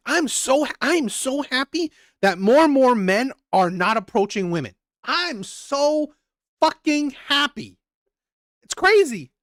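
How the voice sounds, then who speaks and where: A man's voice: very high voice, a bit bright, no echo, clean studio sound. A man hosting a reaction channel, ranting heatedly and repeating himself as he talks over live chat comments. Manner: heated, repetitive, profane.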